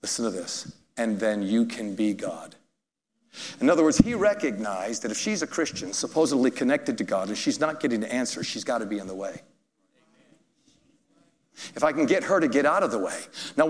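A man preaching a sermon, telling a story with animated, chuckling emphasis, heard in an echoey hall. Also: mid-range voice.

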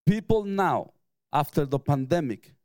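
A man's voice: a little high, animated, measured pace, darkish tone, no room sound. A middle-aged man, preaching a sermon in an emphatic way and mixing in personal stories with light chuckles. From Mexico. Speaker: pastor.

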